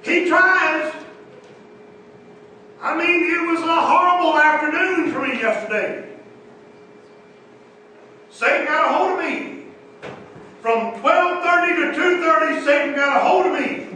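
Preacher, man, very high bright voice, folksy and emphatic, roomy distant sound. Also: unhurried, long pauses, a little hiss or hum. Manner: folksy, emphatic, repeats phrases. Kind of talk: sermon. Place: church meeting room.

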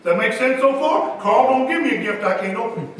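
A man's voice: very high-pitched, animated, fairly quick, a crowd in the background. A man preaching a folksy sermon to his congregation, chatting with members between passages. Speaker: pastor. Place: large church hall. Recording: echoey hall from far off.

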